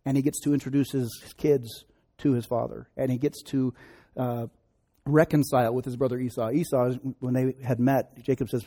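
A middle-aged male pastor with a mellow, dark-toned voice delivers a sermon in an easy, conversational manner. He preaches the way he would talk, and he slips into quoted voices as he tells his stories. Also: mid-range voice, steady tone, fairly quick. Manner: conversational, acts out quoted voices, drops to soft prayer. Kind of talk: sermon with storytelling and prayer.

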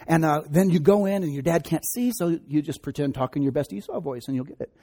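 A determined mother whispering out a crafty plan to her son, as a man puts her on. The voice is warm and mellow, lightly husky. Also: on the high side. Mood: conspiratorial. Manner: brisk, conspiratorial.

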